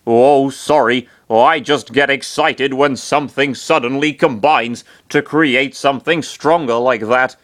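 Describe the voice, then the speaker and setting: A man reading aloud as an excitable young gamer hero who speaks slowly and earnestly, at times sarcastic. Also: medium pitch, lightly acted. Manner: slow, earnest, a bit sarcastic.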